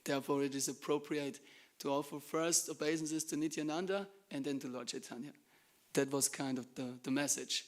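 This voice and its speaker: A male preacher in a temple, telling a devotional story in an animated way and acting out the lines of its characters. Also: fairly high pitch, normal speed. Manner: animated, acts out quoted lines, bursts into chanting.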